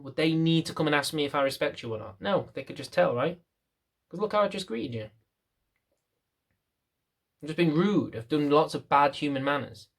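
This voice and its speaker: Animated British man venting to camera. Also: on the high side. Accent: British English. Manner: animated, rhetorical questions. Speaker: dog trainer. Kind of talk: ranting to camera.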